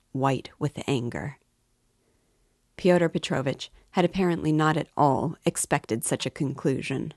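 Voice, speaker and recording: A woman reading a novel aloud in a measured, expressive way. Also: very deep voice, husky, dry recording, studio quality. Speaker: book reader.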